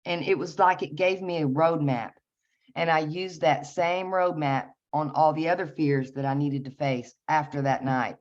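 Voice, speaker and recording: Low-voiced woman telling a story. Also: steady tone. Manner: laughs often, halting with restarts. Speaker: guest sharing a personal story. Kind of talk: casual storytelling. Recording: dull lo-fi sound.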